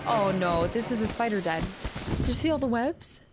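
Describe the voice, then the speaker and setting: A woman streamer giving let's-play commentary, excitable and repeating words fast when she panics. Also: on the high side. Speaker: video game streamer. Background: loud game music.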